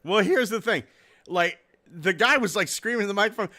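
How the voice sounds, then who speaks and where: A man's voice: high-pitched, lively intonation, fairly quick, pushed and bright. A man hosting a casual podcast, laughing and swearing as he chats with guests. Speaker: podcast host. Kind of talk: casual chat.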